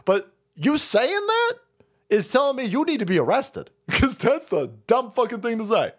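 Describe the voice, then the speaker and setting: A man's voice: very high-pitched, sing-song, normal speed. A man hosting a livestream, ranting in a casual, profane and sarcastic way and laughing often. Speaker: livestream host. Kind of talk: casual political rant.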